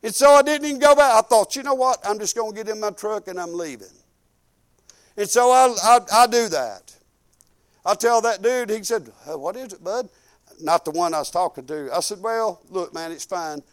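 Man, older, preacher, folksy, animated anecdotes, high voice, crisp. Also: moderate pace. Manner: folksy, animated storytelling with acted-out quotes. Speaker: pastor. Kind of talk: storytelling sermon.

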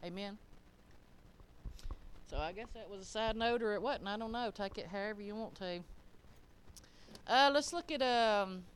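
A woman's voice: mid-range voice, moderate pace, pauses often, slight background noise. A woman preaching an informal sermon to her congregation, folksy and asking the listeners questions. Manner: folksy, talks straight to the listeners, asks them questions. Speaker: church speaker.

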